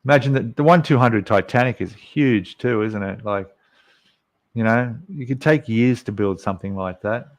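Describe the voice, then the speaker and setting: A man's voice: mid-range voice, moderate pace. A middle-aged man hosting a casual live stream, chatting in a rambling way and reading out viewer comments with many fillers. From Australia.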